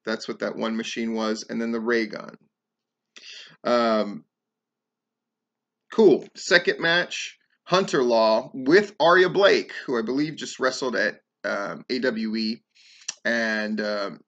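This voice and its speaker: A man's voice: medium pitch, fairly bright tone, dull audio. A middle-aged man hosting a podcast, reviewing a wrestling show in a loose, rambling way, full of swearing and ums. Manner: rambling, profane, frequent ums. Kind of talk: casual spoken review.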